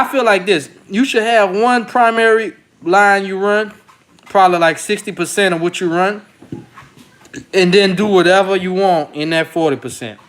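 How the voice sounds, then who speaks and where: A man hosting a dog-breeding video channel, speaking in a loose, slangy, rambling way. His voice sits a little higher than most men's. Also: fairly bright tone. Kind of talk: casual vlog commentary.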